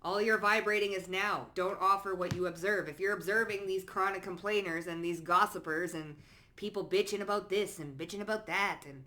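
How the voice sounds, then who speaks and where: A woman talks through a card reading in a loose, sassy way, sprinkling in curses and pet names. Her voice is bright and sharp. She drops into low asides, then bursts out loud and emphatic. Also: a little fast. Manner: blunt, sassy, peppered with swearing and pet names. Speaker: psychic card reader. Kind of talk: casual spoken card reading.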